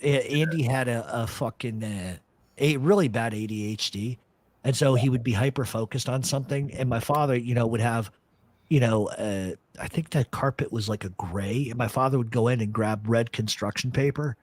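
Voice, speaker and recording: A man's voice: mid-range voice, normal speed, a little mellow, dry recording. A man hosting a talk show, telling rambling, profane family stories and laughing along. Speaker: podcast host. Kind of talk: casual storytelling chat.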